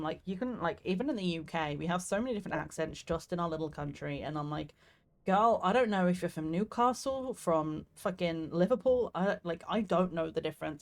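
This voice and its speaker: A young woman from southeast England with a southeast English accent, rambling and laughing as she streams a game. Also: lowish voice. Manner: chatty, rambling, laughs often, swears casually. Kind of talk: casual gameplay commentary.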